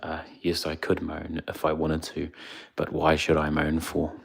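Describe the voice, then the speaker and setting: A young man from India, chatting quietly on a livestream into his phone so he won't wake the people around him. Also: extremely low pitch, monotone, a little slow, creaky, slightly rough. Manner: speaking quietly, hushed. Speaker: streamer. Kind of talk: casual livestream chat. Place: indoors away from home, others asleep.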